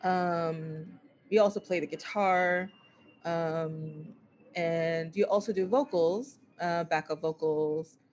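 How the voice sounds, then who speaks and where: A woman's voice: on the low side, takes it slowly, a little mellow, highs cut off, faint music behind. A woman interviewing a musician, asking about his career in a hesitant way, with many ums and restarts. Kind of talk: casual interview.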